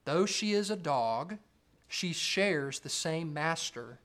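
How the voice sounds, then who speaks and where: A man preaching an expository sermon, measured and rising for emphasis. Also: a little high, lively intonation, a bit bright.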